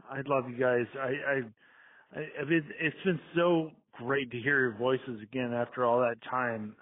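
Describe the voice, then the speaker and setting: A drunk man leaving an excited, rambling voicemail from outdoors, panicking and swearing as he gushes. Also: medium pitch. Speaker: voicemail caller. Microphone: phone. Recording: tinny phone voicemail.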